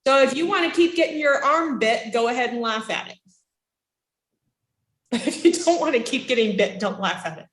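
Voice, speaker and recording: A woman instructor giving a casual classroom lecture, lively and chatty, acting out reactions with gasps and little voices. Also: on the high side, moderate pace, long pauses. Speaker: child development instructor. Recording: roomy classroom echo.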